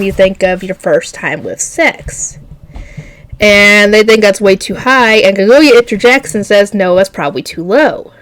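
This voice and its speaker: A woman casually recapping an anime episode for her channel, rambling and excitable, jumping into loud shocked outbursts. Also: medium pitch, clear, resonant tone, no room sound. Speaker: anime reaction YouTuber.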